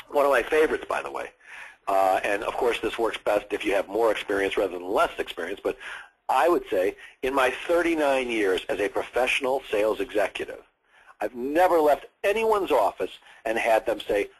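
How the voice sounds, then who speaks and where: A man in his sixties, a sales trainer at a live seminar, lively and acting out firm phone calls as he teaches. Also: medium pitch, a little fast, slightly rough, rough recording. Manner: energetic, acts out phone calls in firm and friendly tones.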